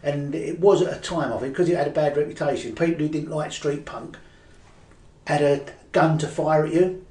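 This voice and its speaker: A man's voice: on the high side, steady tone, normal speed, warm tone, far from the mic. An older man from London's East End with a Cockney accent, telling stories as a guest in a rambling, casual way with many fillers and restarts. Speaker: guest poet. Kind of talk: casual interview chat. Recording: echoey room, away from the mic.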